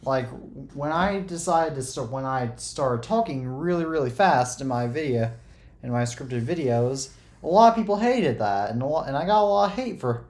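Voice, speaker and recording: Halting, sarcastic podcast co-host. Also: medium pitch, animated, darkish tone. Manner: halting, sarcastic, many restarts. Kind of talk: casual podcast chat.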